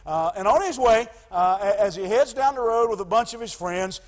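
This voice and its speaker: A pastor preaching in a high voice, halting often on 'uh' and restarting his phrases. His sermon rings with the long reverb of a church hall. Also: animated. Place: church sanctuary.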